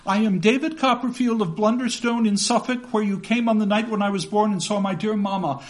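A man's voice: sits high, steady tone, fairly quick, a little hiss or hum, pitched above the performer's own voice, close to an everyday voice. Man doing a timid, pleading runaway boy. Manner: hesitant, polite pleading.

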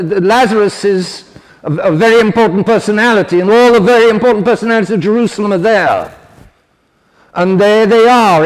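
A man preaching a sermon to seminarians, earnest and emphatic, often stopping to restart a phrase. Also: high voice. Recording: long hall reverb.

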